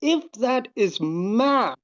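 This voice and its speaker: A caller speaks very slowly, in halting, hesitant questions full of fillers and restarts. The audio is dull and lo-fi, like a muffled call line. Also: mid-range voice, very animated. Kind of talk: casual debate on a live call.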